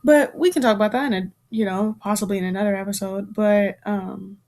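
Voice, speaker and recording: A woman's voice: mid-range voice, fairly even intonation, brisk, darkish tone. A woman in her twenties hosting a podcast, talking in a casual, chatty way full of fillers and restarts, frank and playful with mild swearing. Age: 20s. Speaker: podcast host. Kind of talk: casual chat.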